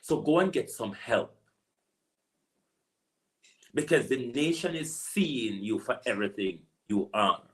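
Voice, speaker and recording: A man's voice: medium pitch, lively intonation, slow pace, pauses often, fairly bright tone. A man with a Jamaican accent, an online political commentator delivering a preachy, repetitive rant full of rhetorical asides. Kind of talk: ranting monologue.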